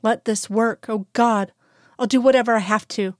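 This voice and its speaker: A woman's voice: a little high, fairly even intonation, normal speed, dry recording, studio quality, natural voice. A woman reading a wry, anxious woman agent. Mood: desperate. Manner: pleading, whispering, then wry and tart. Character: dry-witted woman agent, anxious and stubborn.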